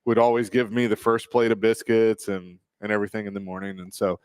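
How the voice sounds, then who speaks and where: A man's voice: on the low side, flat delivery, fairly quick, clear, resonant tone, dry recording. A male radio host in casual banter, telling a rambling story into a studio microphone with chuckles.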